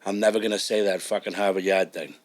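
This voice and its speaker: A man's voice: low-pitched, flat delivery, fast. A man with a South Shore Massachusetts accent, a truck driver chatting as a podcast guest in a blunt, profane, joking way. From Massachusetts, USA. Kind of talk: casual chat.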